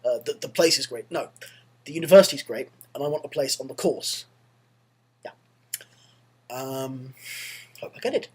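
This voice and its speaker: A man's voice: mid-range voice, normal speed, pauses often, husky. A young male student rambling through a casual video diary, self-deprecating and prone to tangents. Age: young adult. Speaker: university student vlogger.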